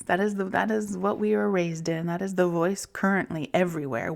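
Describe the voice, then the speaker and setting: Soft-whispering woman in her forties. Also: fairly low pitch, steady tone, normal speed, creaky, hardly any pauses. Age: 40s. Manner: soft, often whispered, soothing self-talk. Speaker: podcast host. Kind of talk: reflective self-help monologue.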